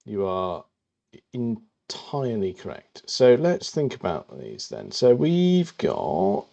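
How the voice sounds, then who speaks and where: A man co-hosting a podcast, chatting casually and thinking aloud slowly with lots of hesitations. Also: lowish voice, wildly swooping pitch, creaky, warm tone, lo-fi sound. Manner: slow, musing, thinks aloud with many ums. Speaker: podcast co-host. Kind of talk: casual chat.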